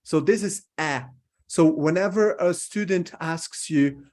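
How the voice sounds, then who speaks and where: Slow, deliberate man teaching vowel sounds. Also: on the high side, animated. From Brazil. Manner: checks in often with "right?". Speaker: English pronunciation teacher. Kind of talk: recorded lesson.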